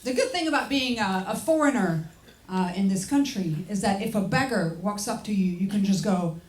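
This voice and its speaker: A young French-born woman with French as her first language, telling stories in a deadpan stand-up set and acting out the people in them. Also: mid-range voice, fairly quick. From France. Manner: deadpan storytelling, acts out quoted voices. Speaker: stand-up comedian. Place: comedy club stage. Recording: roomy club with audience noise. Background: audience laughter.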